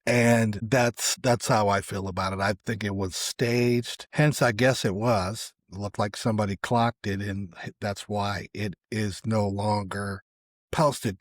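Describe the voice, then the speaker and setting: A middle-aged man hosting a solo podcast, giving casual, opinionated commentary on social media posts. His voice often drops away quietly at the end of phrases. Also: lowish voice, dry recording, studio quality. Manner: conversational, opinionated, trails off quietly at phrase ends. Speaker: podcast host.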